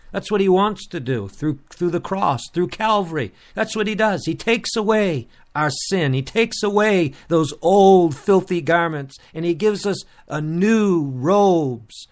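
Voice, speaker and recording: A man preaching a sermon in an earnest, repetitive style, restarting phrases as he presses his point. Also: fairly high pitch.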